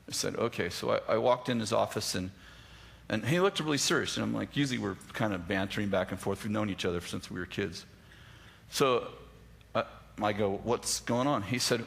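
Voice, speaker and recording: Bright-voiced man telling a funny sermon story. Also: mid-range voice, normal speed, gravelly. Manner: anecdotal, self-deprecating, acts out dialogue, many restarts. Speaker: pastor.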